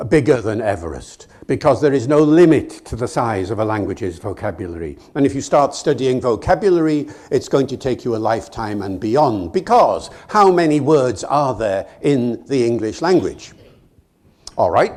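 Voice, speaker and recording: A man giving a public lecture to a live audience in a hall, lively and humorous, quizzing the listeners as he goes. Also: mid-range voice. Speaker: guest lecturer.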